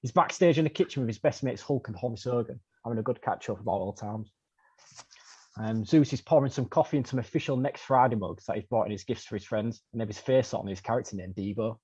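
A man, podcast co-host, narrating a comic story in a deadpan, hesitant way. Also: medium pitch, fast talker, slightly rough. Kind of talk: comedic storytelling. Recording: dull dry recording.

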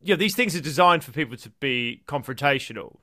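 A man's voice: medium pitch, animated, fast talker, pushed and bright, no echo, clean studio sound. A man in his thirties co-hosting a podcast in casual comedic chat, jokey and sweary. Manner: jokey, sweary, does silly voices. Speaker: podcast co-host.

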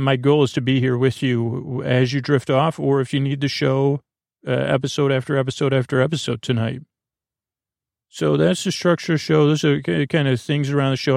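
A man hosting a sleep podcast, rambling gently through a meandering bedtime monologue with frequent restarts. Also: medium pitch, creaky, no room sound, clean studio sound. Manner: meandering, hesitant, with many restarts; soft and soothing.

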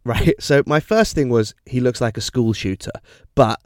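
A man's voice: medium pitch, normal speed, a little mellow, no echo, clean studio sound. A man co-hosting a comedic podcast, rambling and hesitating as he builds his jokes. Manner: rambling, hesitant, with fillers and self-interruptions. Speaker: podcast co-host.

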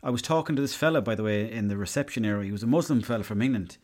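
A young Irish man hosts a podcast, telling a long story in a fairly low, slightly mellow voice at a very fast clip. The monologue is casual, rambling and profane, and he keeps slipping into quoted asides.

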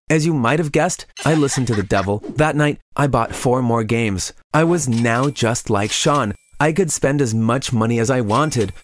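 A man's voice: medium pitch, normal speed, few pauses, faint music behind. A man telling a first-person confession story in scripted narration, earnest in tone.

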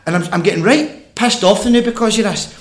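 A man's voice: sits high, fairly quick. A Scottish man telling a funny story as a podcast guest, laughing and swearing as he goes. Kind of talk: casual storytelling.

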